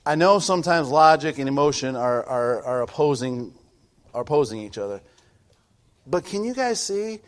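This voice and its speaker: A man pastor preaching a sermon, swinging from quiet asides to shouted peaks, often restarting his sentences. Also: mid-range voice, big pitch swings, normal speed.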